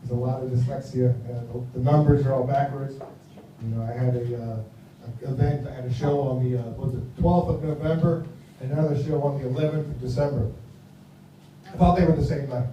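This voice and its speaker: A man's voice: medium pitch, fairly even intonation, brisk, dark tone, lo-fi sound. An American man in his fifties doing a rambling stand-up comedy set, with a mumbling delivery. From United States. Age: 50s. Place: live comedy venue. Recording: very echoey room, voice from far off, faint noise.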